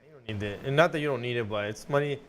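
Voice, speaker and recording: A man's voice: mid-range voice, rapid-fire. A man co-hosting a casual podcast, profane, spinning long joking hypotheticals. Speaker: podcast co-host. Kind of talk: casual chat.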